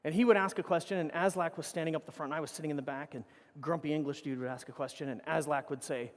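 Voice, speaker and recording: A man's voice: a little high, steady tone, quick pace. Middle-aged man rambling on stage in echoing hall. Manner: casual, profane, rambling with self-corrections. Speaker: conference speaker. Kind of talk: anecdotal conference talk. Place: large conference hall. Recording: reverberant conference hall.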